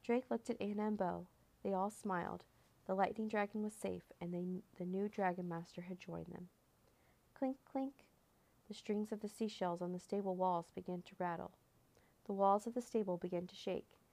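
A woman reading a children's chapter book aloud in a clear, measured storytelling manner. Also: mid-range voice, steady tone, warm tone.

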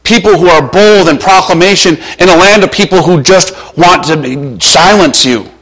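A male pastor preaching a sermon with passion, moving between loud urging and hushed, quiet passages, his voice a little strained. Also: sits high, normal speed, rough recording.

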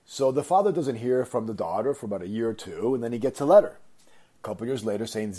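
A man, a company founder, telling a motivational story with emphatic, animated delivery and frequent repetition. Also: medium pitch, quick pace.

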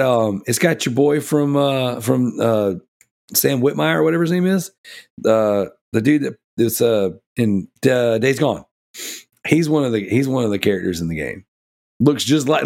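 A man's voice: mid-range voice, vocal fry. A man co-hosting a casual gaming podcast, rambling and enthusiastic, with many fillers like "you know" and "like". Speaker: podcast co-host.

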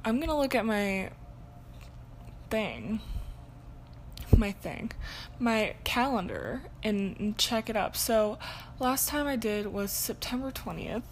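A woman's voice: a little high, animated, slow, pauses often, a little hiss or hum. A young woman in college hosting her own podcast alone, chatting casually and rambling with lots of ums and self-corrections. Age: young adult. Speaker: podcast host. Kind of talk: casual solo podcast chat.

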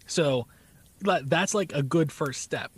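Man, podcast guest, casual chat, husky, friendly. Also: a little high, slow pace.

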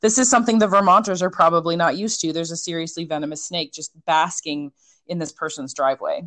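A woman telling a story in a casual chat, animated and chatty, with many fillers. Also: fairly low pitch, fast.

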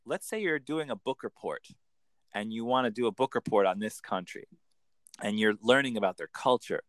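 A man, a coach explaining in an enthusiastic conversational interview with quick acted examples. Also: fairly low pitch, a bit bright, dry recording. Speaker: accent coach.

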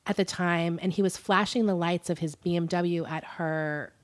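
A woman's voice: lowish voice, steady tone, normal speed. A woman co-hosting a podcast, telling a story in casual chat, giggly and full of "um" and "like". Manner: giggly, breaks off with laughs and apologies; chatty, many fillers like "um" and "like". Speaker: podcast co-host.

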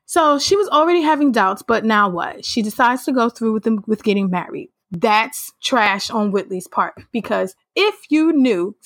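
A woman hosting a podcast, giving sassy, animated casual commentary while reading an article aloud and calling her listeners "sis.". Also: fairly high pitch, moderate pace, few pauses, no echo. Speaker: podcast host.

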